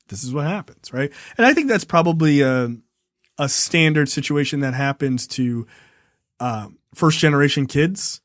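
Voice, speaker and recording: A man's voice: a little high, lively intonation, a little slow, fairly bright tone, no echo, clean studio sound. A man co-hosting a film review podcast in loose, profane casual chat, laughing and acting out lines from the show. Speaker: podcast co-host.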